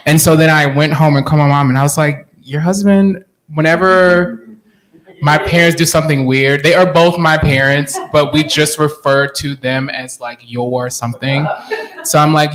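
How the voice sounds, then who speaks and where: A man's voice: a little high, steady tone, moderate pace, fairly bright tone. A man in his thirties telling stories casually on a panel, chatty and laughing often. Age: 30s. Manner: chatty, laughs often, mimics family voices. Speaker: guest artist.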